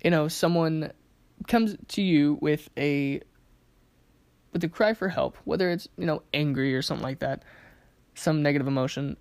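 Casual lesson teacher, lively anecdotes and rhetorical questions, mid pitch, dry close sound. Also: normal speed, pauses often, dry recording. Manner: lively storytelling with acted-out quotes and frequent rhetorical questions. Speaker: communication teacher.

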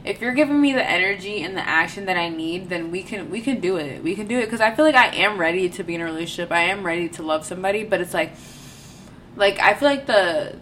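A tipsy young woman rambles through a casual podcast chat, piling on fillers and breaking into laughter. Her voice is bright and forward, with a faint hiss of noise behind it. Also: on the low side, fast. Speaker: podcast co-host.

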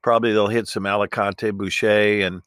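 Male podcast guest, relaxed and hesitant, fairly low, dry recording. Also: normal speed, no room sound. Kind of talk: casual chat.

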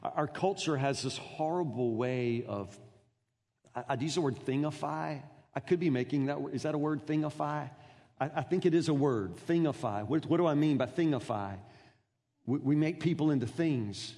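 A man's voice: a little high, animated, a little fast, mellow. A man preaching a sermon in an earnest manner, often stammering over repeated words and putting questions to his congregation. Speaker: pastor. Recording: long reverb in a large hall.

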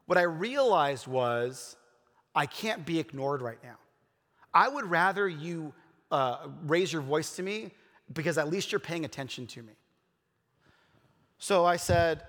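A man's voice: on the high side, animated, normal speed, a bit bright. A man preaching a casual, conversational sermon, telling personal stories in an earnest way with many fillers and restarts. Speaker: pastor. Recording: long reverb of a large hall.

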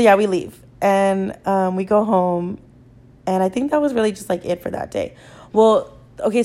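A young woman hosting a podcast tells a story in a chatty, casual way, swearing freely and using lots of "like" fillers. Her voice is medium in pitch and a little mellow.

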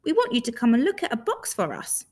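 A woman voicing Rabbit, a keen toy rabbit who speaks in an eager, often breathy hush, in a storybook reading. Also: fairly high pitch, wildly swooping pitch, fast talker.

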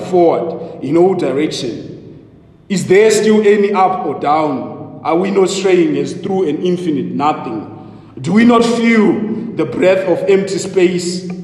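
A man's voice: on the high side, a little mellow, pitched above the performer's own voice. A man reading aloud as a frantic male madman, asking question after impassioned question. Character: frantic lantern-bearing madman, male, anguished. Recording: echoey hall with long reverb.

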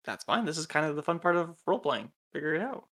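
Man, game master, tabletop game, patient, explaining rules, bright tone. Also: a little high, very animated, fast talker. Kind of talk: running a tabletop role-playing game.

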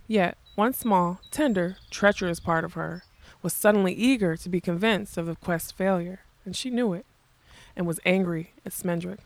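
A woman reading a fantasy storybook aloud in a measured, expressive narration style. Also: lowish voice, dry recording. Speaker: audiobook narrator.

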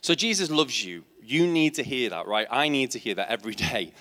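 A man's voice: mid-range voice, lively intonation, fairly quick, bright, forceful tone. A man preaching a sermon in church, asking his congregation rhetorical questions and building to emphatic, passionate points. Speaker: teacher.

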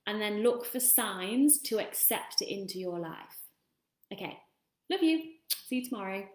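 A woman's voice: mid-range voice, normal speed. Woman, casual motivational talk, swears, rambles, echoey room. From England. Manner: chatty, rambling, swears freely. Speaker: self-love coach.

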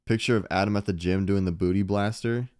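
A man's voice: fairly low pitch, fairly even intonation, fast, a little mellow, clean tone, dry recording, clean studio sound. A young man co-hosting a podcast in casual chat, laid-back and joking, swearing freely. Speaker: podcast co-host.

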